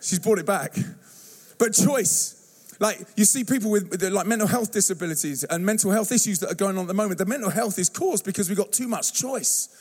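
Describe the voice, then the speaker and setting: An animated male preacher, speaking in a fairly high voice. He tells lively stories to a church congregation, jumping into slang and put-on voices as he goes. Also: fast talker, few pauses. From England. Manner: animated storytelling, acts out youth slang and voices. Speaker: youth preacher. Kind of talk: sermon. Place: church hall.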